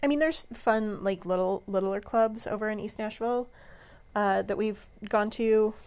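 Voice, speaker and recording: A woman's voice: mid-range voice, moderate pace, a little mellow, clear, resonant tone. A woman co-hosting a casual travel podcast, chatty and easygoing, often trailing off with "anyway". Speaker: podcast co-host.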